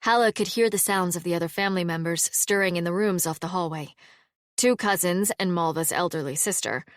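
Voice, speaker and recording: A woman narrating a fantasy audiobook in an even, measured storytelling manner. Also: on the low side, no echo, clean studio sound.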